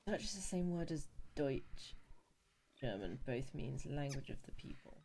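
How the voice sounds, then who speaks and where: Low, lively English woman streaming. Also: unhurried, creaky. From England. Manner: chatty, reacts to chat messages, laughs often. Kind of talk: casual live-stream chat while playing.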